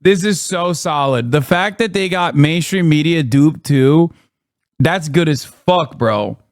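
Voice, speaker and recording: A man's voice: fairly high pitch, slow pace, no room sound, clean studio sound. A man live-streaming, ranting in blunt, profane casual commentary and mocking what he reacts to.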